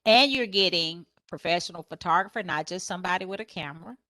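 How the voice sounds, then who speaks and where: A woman photographer sharing business advice on a panel. She tells stories and acts out her customers' questions in a higher voice, laughing often. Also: fast, no room sound, clean studio sound. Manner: lively storyteller who acts out customers in a higher voice; laughs often while talking.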